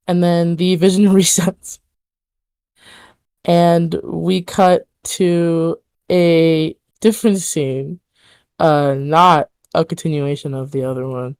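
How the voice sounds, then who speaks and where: A woman's voice: fairly low pitch, steady tone, slow pace, darkish tone, smooth, no room sound. A woman narrating a tabletop game as game master, describing scenes in a hesitant way full of fillers.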